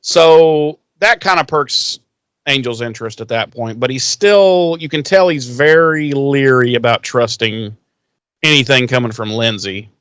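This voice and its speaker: Smooth-voiced man recapping with laughs. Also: mid-range voice, fairly bright tone, no echo. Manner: laughing, profane, retells scenes in quoted voices. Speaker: podcast co-host. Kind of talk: casual recap chat.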